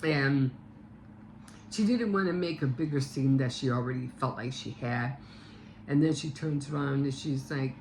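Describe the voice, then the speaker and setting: A woman's voice: a bass voice, moderate pace, a little mellow, slight background noise. A woman vlogger casually retelling a story, rambling with many fillers and restarts.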